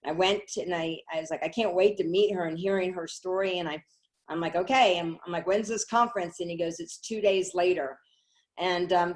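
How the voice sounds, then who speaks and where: Woman, middle-aged, low-pitched, animated storytelling, quotes people. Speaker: network marketing speaker. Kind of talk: personal story on a call.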